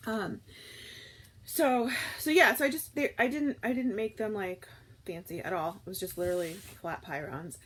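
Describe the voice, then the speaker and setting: A woman's voice: medium pitch, normal speed, fairly bright tone, slightly rough. A woman in her thirties, chatting casually and rambling through a live morning stream, with lots of fillers and restarts. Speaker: food vlogger hosting a live morning chat.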